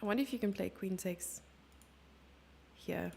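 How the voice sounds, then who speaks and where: A woman's voice: medium pitch, unhurried, creaky, dark tone, a little hiss or hum. A woman streamer giving chatty live chess commentary, thinking aloud and sometimes dropping into a whisper.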